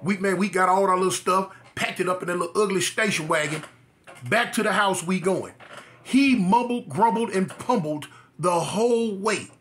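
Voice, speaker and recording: A man's voice: high voice, moderate pace. A man from Los Angeles telling a funny story about himself, acting out the voices with exaggerated energy. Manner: animated, acts out voices, exaggerated. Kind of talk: comic storytelling.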